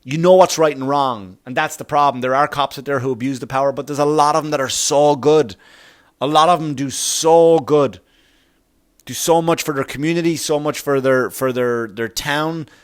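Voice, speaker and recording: A man's voice: a little high, normal speed, clear, resonant tone. A man hosting a solo comedy podcast, rambling and swearing, and getting heated as he goes. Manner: rambling, profane, gets heated. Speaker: podcast host.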